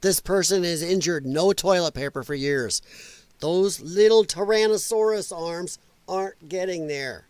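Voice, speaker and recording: A man's voice: high voice, a little slow, a little mellow, a little hiss or hum. A middle-aged man hosting a podcast, reacting to clips with mocking comments, exclamations and frequent laughs. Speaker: host.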